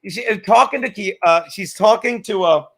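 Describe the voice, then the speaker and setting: A man's voice: high-pitched, moderate pace, fairly bright tone. A man hosting a casual livestream chat, rambling and joking as he tells a story, cursing freely. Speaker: podcast host.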